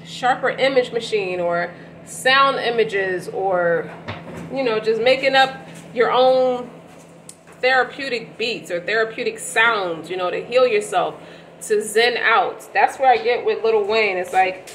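A woman's voice: a little high, a little slow, a bit bright, a little hiss or hum, low-quality recording. Rambling woman giving a slangy tarot reading. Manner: rambling, slangy, self-correcting. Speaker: tarot reader. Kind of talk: casual tarot reading to camera.

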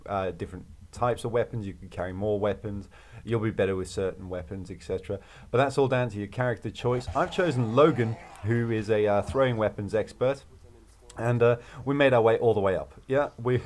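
A man's voice: lowish voice, darkish tone. A man hosting a video game walkthrough, talking through his play in an upbeat, chatty, jokey way. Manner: upbeat, chatty and jokey, with playful rhymes and laughs. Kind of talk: casual gameplay commentary.

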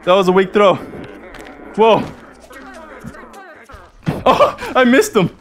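A man hosting a live-streamed game, excitable and playful with loud exclamations. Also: sits high, drawn-out words. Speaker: gameplay host.

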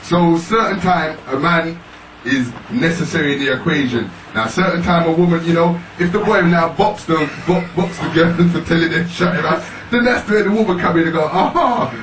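A man's voice: on the high side, fairly quick, fairly bright tone. A man in casual discussion who keeps laughing as he talks. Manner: laughs often while talking. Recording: roomy, distant mic, faint noise.

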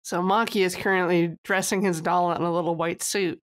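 A woman's voice: on the low side, fairly even intonation, fairly quick. A woman co-hosting a casual podcast, steadily recapping an episode's plot with wry asides. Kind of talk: casual chat.

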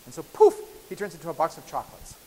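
A man's voice: fairly high pitch, very animated, fast, warm tone. Playful male lecturer in a hall. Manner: playful, chatty, checks in with frequent "okay?". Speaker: university biochemistry lecturer. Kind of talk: live classroom lecture. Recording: hissy lecture-hall recording with long reverb.

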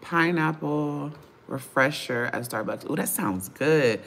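Gravelly-voiced woman talking on a livestream. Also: low voice, slow. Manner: impatient, bantering, loud bursts of excitement. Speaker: vlogger on a livestream. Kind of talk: casual livestream chat with viewers.

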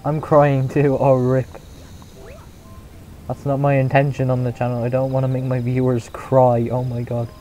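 A young man chatting casually while streaming a game, mocking his own play, reacting out loud and laughing often. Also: mid-range voice, completely flat delivery, normal speed, a little hiss or hum, rough recording. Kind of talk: casual live gameplay commentary.

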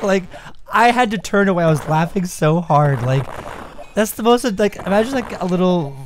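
A man's voice: sits high, animated, normal speed, slight background noise. A man chatting casually and swearing while coaching a friend through a video game. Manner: laughing, swearing, backseat gaming. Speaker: co-host watching a let's play. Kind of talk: casual gaming chat.

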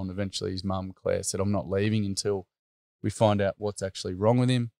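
Low-voiced, flat Australian man. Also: fast, dry recording, clean studio sound. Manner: earnest, rambling with fillers. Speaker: interview guest. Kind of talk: personal storytelling.

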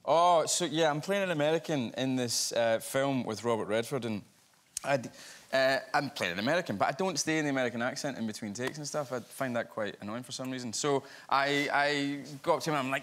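A Scottish man, an actor guest on a talk show, telling animated stories and acting out what people said. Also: mid-range voice, quick pace. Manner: animated storyteller, quotes people. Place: TV studio.

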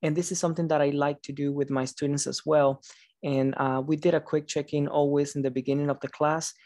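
A man's voice: a little high, level tone, a little fast, a little mellow, no echo, clean studio sound. A man presenting at a conference over a video call late at night. He sounds tired, encourages the audience, and stumbles and restarts words now and then. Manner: encouraging, reads out audience answers with praise. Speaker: conference presenter, teacher educator.

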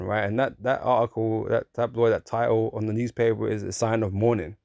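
Gravelly low-voiced man preaching casually. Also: little pitch movement, fairly quick, few pauses, darkish tone, no room sound, studio quality. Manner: conversational, keeps asking "right?" and saying "man"; chuckles through his points, mocks in put-on voices. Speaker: religious commentator. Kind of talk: informal preaching monologue.

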